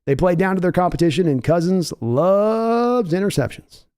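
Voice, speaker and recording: A chatty, excitable man hosts a live sports reaction stream, reading viewer messages aloud and talking casually. His voice sits a little high for a man. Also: normal speed, clean tone, no room sound, clean studio sound.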